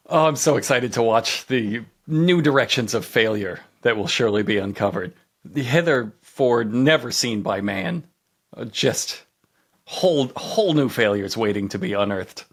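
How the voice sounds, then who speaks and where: A man co-hosting a comedy podcast, talking in a sarcastic, mocking, animated way. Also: lowish voice. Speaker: podcast co-host. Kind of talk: casual comedic chat.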